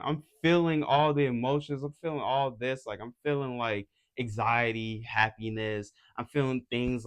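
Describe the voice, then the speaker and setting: A man's voice: medium pitch, fairly bright tone. A young man from Atlanta, an unsigned model, chatting casually to camera in a loose, slangy, rambling way. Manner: laid-back slangy rambling, full of "you feel me". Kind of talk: casual vlog chat.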